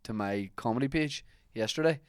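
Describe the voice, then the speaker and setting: A man's voice: medium pitch, moderate pace, clear, resonant tone, dry recording, clean studio sound. A young man co-hosting a podcast, telling a long self-mocking anecdote in casual chat. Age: young adult. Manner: rambling anecdotes, self-mocking, laughs at himself. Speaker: podcast co-host.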